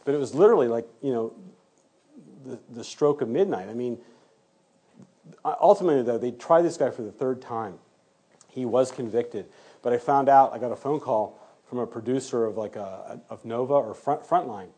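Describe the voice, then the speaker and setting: A man with a dark, mellow, slightly husky voice recounts events in an interview. He tells it in an animated way and acts out the back-and-forth he quotes. He talks like a working forensic DNA analyst. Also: medium pitch, normal speed. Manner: animated retelling, acting out quoted exchanges. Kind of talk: storytelling in an interview.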